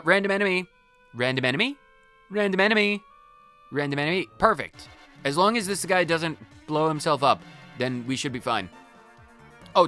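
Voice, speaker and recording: A man's voice: medium pitch, pushed and bright. Jokey man narrating a video game. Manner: jokey, self-interrupting, repeats words. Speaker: let's play host.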